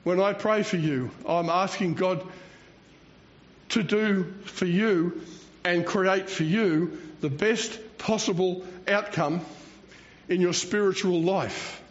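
High-voiced older pastor. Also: male voice, slow. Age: 60s. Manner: rambling, self-mocking, chuckles between phrases. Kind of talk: sermon. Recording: dull lo-fi recording.

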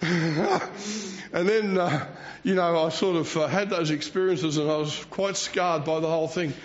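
Older man, pastor, high-pitched voice, rambling self-mocking sermon, muffled lo-fi sound. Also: unhurried. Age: 60s. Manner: rambling, self-mocking, chuckles between phrases. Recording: dull lo-fi recording.

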